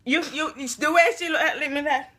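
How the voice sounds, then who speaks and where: A woman's voice: sits high, steady tone, fairly quick, fairly bright tone. A mother vlogger, lecturing her daughter in casual chat and laughing often, sounding tired and unwell. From Jamaica. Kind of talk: casual family vlog chat.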